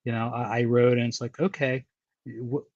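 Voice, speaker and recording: Recorded lo-fi with no room sound, this Baltimore podcast host speaks at a moderate pace in a medium-pitched, flat, slightly mellow voice. His American accent has a hint of New York, and he rambles through a casual interview with lots of restarts and repeated words.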